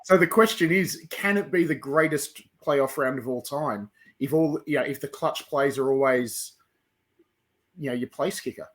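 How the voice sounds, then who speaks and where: A man's voice: medium pitch, moderate pace, a bit bright. Laid-back Australian man, wry guest. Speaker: guest writer. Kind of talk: casual sports chat.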